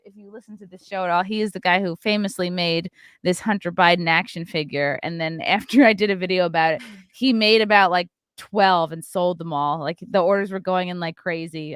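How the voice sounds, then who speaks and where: A woman hosting a podcast, chatting casually and reading a sponsor spot in an animated, quick-aside way. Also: mid-range voice, clear, resonant tone, no room sound, clean studio sound. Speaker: podcast host. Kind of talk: casual chat and sponsor read.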